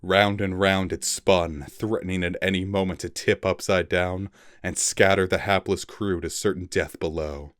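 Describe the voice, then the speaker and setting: A man reading a fantasy novel aloud in a dramatic storybook style with pauses for effect. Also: low-pitched, fairly even intonation, fairly bright tone, no room sound, studio quality. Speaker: reader.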